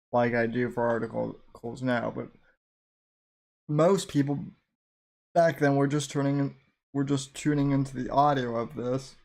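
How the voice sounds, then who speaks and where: A man's voice: mid-range voice, a little mellow. A man hosting a podcast, chatting casually in rambling, self-deprecating asides. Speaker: podcast host. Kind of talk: casual chat, commentary on an old episode.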